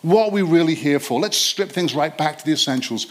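A man preaching a sermon to his church, reading scripture slowly with stressed words and quizzing the congregation. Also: a little high, lively intonation. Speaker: pastor. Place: church service.

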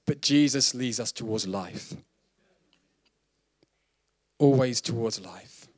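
A man from the south of England preaching a sermon, who lifts his voice high when he quotes scripture and laughs off his own slips. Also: takes it slowly, darkish tone. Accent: Southern English. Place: church hall.

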